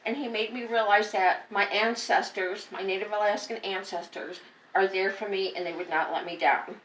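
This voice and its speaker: A woman's voice: mid-range voice, steady tone, moderate pace, fairly bright tone. A woman telling a personal story to her viewers in a casual, rambling way, often correcting herself mid-sentence. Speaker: vlogger. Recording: echoey room, distant mic, faint noise.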